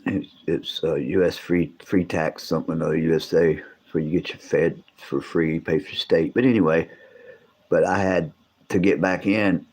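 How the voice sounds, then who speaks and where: A man, hosting a casual livestream, rambling and swearing as he talks to his viewers, his voice gone deeper from coughing. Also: fairly even intonation, moderate pace, darkish tone. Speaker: livestream host.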